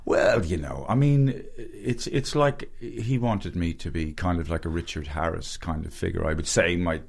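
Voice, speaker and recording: An Irish comedian, middle-aged, telling stories in a casual interview, animated, with loud bursts when he mimics people. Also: normal speed, gravelly, husky. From Ireland. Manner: animated storyteller, jumps into loud high-pitched impressions. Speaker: comedian guest.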